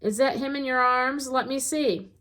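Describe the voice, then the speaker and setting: A woman reading a storybook aloud, voicing a friendly, chatty female skunk who talks in a squeaky, eager, folksy way. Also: fairly even intonation, moderate pace, fairly bright tone. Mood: wary.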